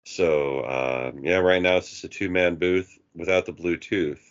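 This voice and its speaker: A man's voice: low-pitched, fairly even intonation, measured pace, highs cut off. A man hosting his own podcast in casual chat, playful and joking. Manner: playful, breaks into silly voices. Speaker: podcast host.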